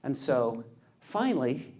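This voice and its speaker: A man tells a story from the podium, his voice mellow and warm. He is animated, dropping into the voices of people he quotes. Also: medium pitch, slow. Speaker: public speaker. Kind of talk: storytelling speech.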